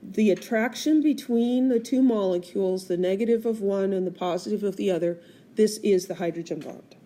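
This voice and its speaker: Speaking at a normal speed in a dark, mid-range voice, a woman delivers a chemistry lecture as a tablet screencast. She explains methodically and questions the class as she goes.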